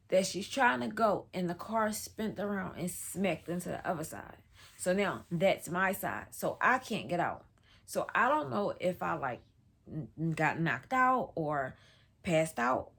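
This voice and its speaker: A young woman, telling a personal story in a casual, profane, animated way and acting out the people she quotes. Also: gravelly. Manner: animated, profane, acts out quotes with big pitch jumps.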